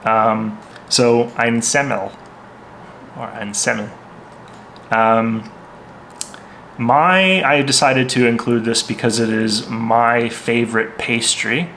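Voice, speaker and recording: A man's voice: mid-range voice, takes it slowly, pushed and bright, a little hiss or hum. A man giving a casual vocabulary lesson, hesitant, with lots of ums and restarts. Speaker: language teacher.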